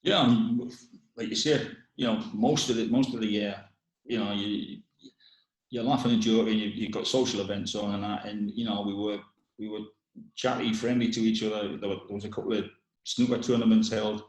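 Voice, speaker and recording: A man in his sixties, a former footballer, chatting casually as a podcast guest in a relaxed way with many restarts. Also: fairly low pitch, normal speed, roomy sound, poor audio. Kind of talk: casual chat.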